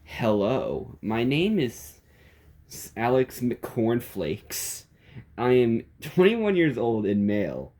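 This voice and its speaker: A man's voice: medium pitch, big pitch swings, slow pace, mellow. A man narrating a silly comedic story in a playful, chuckling way.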